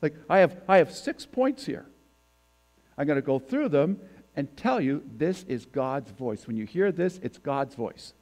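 A man's voice: on the high side, animated, unhurried, darkish tone. A man giving a sermon as a guest preacher, talking in a conversational way and putting questions to the congregation. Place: church sanctuary.

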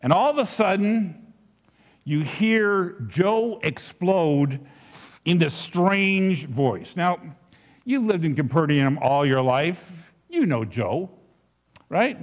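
Guy preaching, kinda high voice that swoops around, echoey church-y room, dull sound. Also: slow. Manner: storytelling, animated, with restarts. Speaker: pastor. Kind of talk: sermon.

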